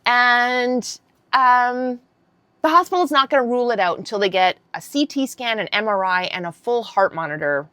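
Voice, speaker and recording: A woman's voice: fairly high pitch, moderate pace, no room sound. A woman in her fifties telling a story in a casual vlog, blunt and given to swearing. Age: 50s. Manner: blunt and swearing, animated retelling. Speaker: vlogger.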